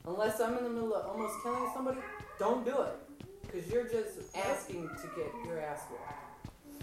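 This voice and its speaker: A woman telling blunt, profanity-laced stories in a casual chat, animated when retelling. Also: on the high side, normal speed. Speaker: mother telling stories while gaming. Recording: echoey room, far from mic, background noise.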